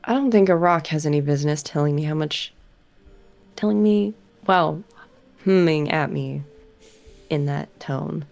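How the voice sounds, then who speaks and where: A woman's voice: low-pitched, a little slow, vocal fry, long pauses, a little mellow, soft background music. A woman playing a weary, wry scholar. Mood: dry.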